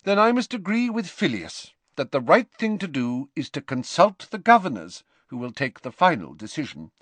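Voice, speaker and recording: A stern, brisk elderly headmistress, as a male audiobook narrator puts her on, in a raised, clipped voice. She speaks in a lively, commanding way, and the close, dry recording keeps her crisp. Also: on the high side, no echo, voice pushed up.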